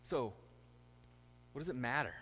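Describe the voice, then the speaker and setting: A man's voice: medium pitch, expressive, unhurried, fairly bright tone, husky. Man preaching in a reverberant church. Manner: storytelling with a rising, emphatic delivery. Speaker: pastor. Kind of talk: sermon. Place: church sanctuary.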